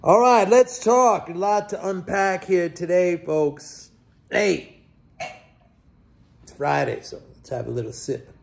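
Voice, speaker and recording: A man hosting casual, animated market commentary, exasperated and mocking. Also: on the high side, slow, vocal fry, pauses often. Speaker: host.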